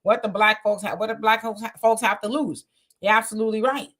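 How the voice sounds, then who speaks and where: Bright-voiced woman hosting a livestream chat. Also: on the high side, steady tone, a little fast. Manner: greets viewers by name, reads comments aloud and agrees. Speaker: livestream host reading viewer comments.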